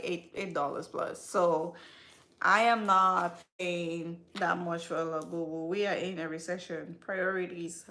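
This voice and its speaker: A woman's voice: mid-range voice, sharp tone. A woman hosting a skincare live stream, chatting casually and straight to her viewers with slangy asides. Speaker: skincare channel host.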